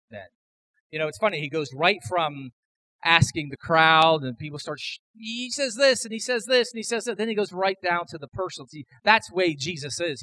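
A man preaching a sermon as pastor, emphatic, building to loud repeated declarations. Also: fairly high pitch, no echo, rough recording.

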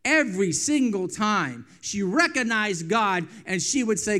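A man preaching a sermon as pastor, moving between loud, emphatic lines and quiet, hushed ones, with drawn-out phrasing and repeated refrains. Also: sits high, very animated.

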